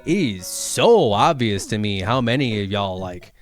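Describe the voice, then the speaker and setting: A man's voice: fairly low pitch, animated, unhurried, soft background music. A man giving a sarcastic, profane comedic rant, arguing back and forth with imagined hecklers and building to heated indignation. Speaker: political comedy essayist.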